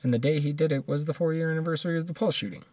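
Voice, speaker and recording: A man's voice: fairly high pitch, rapid-fire, darkish tone, no room sound. A man, ranting casually and profanely in a monologue, laughing often between points.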